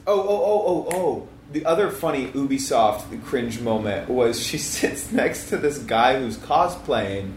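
A man co-hosting a casual chat, throwing in quick jokes and retorts. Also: medium pitch, lively intonation. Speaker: podcast co-host. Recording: echoey room with faint background noise.

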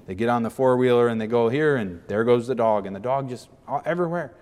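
A man preaching a sermon as pastor, animated and acting out the speakers in the scripture passage. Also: medium pitch, quick pace, big-room sound.

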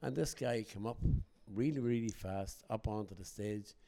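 An older Irish man with a fairly low voice tells stories in a relaxed, chatty way. He hosts the conversation and brings the people he quotes to life as he goes. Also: moderate pace, creaky. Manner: animated joke-teller, acts out quotes. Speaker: podcast host. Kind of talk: casual storytelling chat.

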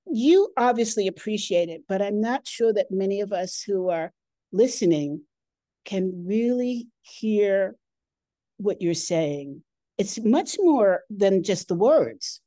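A woman's voice: mid-range voice, lively intonation, dark tone, dry recording. A woman hosting a podcast, speaking thoughtfully and with feeling as she reflects on her guest's story. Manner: slow, thoughtful, emotional. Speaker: podcast host. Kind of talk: reflective interview talk.

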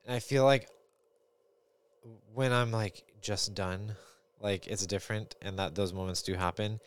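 A man's voice: lowish voice, fairly even intonation, measured pace, slight background noise. A man co-hosting a casual podcast chat as a parent, thinking aloud in a rambling way with many fillers.

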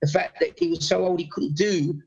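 A man from England chats casually, his voice gravelly with a rough, husky edge. He is an animated storyteller who slips into the voices of the people in his tales. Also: on the high side, moderate pace, lo-fi sound. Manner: animated storyteller, acts out quotes. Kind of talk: casual chat, anecdotes.

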